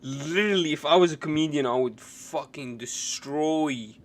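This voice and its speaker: A man's voice: fairly high pitch, normal speed. A young man streaming live, chatting casually as he reacts to clips, laughing hard and often, swearing freely and rambling loosely.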